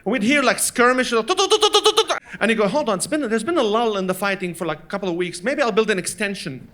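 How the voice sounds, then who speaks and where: Man from lebanon, stand-up comedian, high voice, stage mic, acts out his parents. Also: fast talker, noisy background. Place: comedy stage before a laughing audience.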